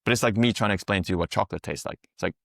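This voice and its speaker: A man talks at a quick clip with a somewhat low voice, recorded close and dry. He rambles through one metaphor after another in easygoing podcast chat and swears without a second thought. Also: creaky, a bit bright, no room sound. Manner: swears freely. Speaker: psychedelic guide. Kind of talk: casual podcast conversation.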